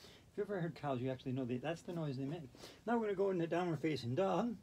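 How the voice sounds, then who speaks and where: A man leading a yoga routine in a gentle, playful, chatty way. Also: on the high side, expressive, fast, a little hiss or hum. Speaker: yoga instructor. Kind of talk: guided yoga instruction.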